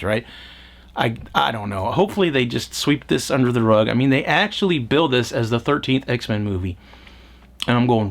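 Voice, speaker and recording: A man with a mid-range, expressive voice and some vocal fry reviews a movie fairly quickly. His casual take wanders, full of sarcasm, irritated asides and light profanity, and he mocks the lines he quotes.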